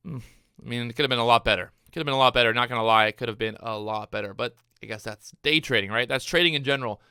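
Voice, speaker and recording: Bright, excitable man narrating trades. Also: mid-range voice, very fast, smooth, dry recording, studio quality. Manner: excitable, repeats phrases, talks to viewers. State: out of breath, hyped up. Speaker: day trader streaming his trades. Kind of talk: live trading commentary.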